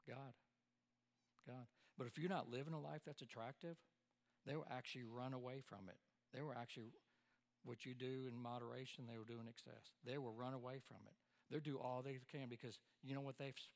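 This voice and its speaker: A man, preaching a sermon to parents in a folksy way and repeating his key phrases for emphasis. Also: medium pitch. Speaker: pastor. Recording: long hall reverb.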